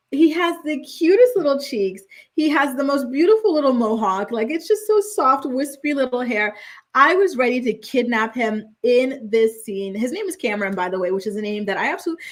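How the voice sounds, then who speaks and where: A young woman hosting a chatty, opinionated reality TV recap, with exasperated asides. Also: on the high side. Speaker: host.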